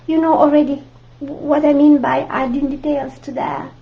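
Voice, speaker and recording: A woman from Italy with an Italian accent, teaching a live online painting class and chatting warmly with viewers. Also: sits high, steady tone, normal speed. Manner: chatty, warm asides to viewers, frequent laughs. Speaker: art teacher. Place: home art room. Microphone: camera mic at close range. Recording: dull lo-fi livestream audio.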